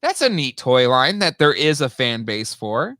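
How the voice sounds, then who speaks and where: A man co-hosting a casual podcast chat, talking in an animated way and reading out listener comments. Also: unhurried, no room sound. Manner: animated, jumps high in pitch when exasperated. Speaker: podcast co-host.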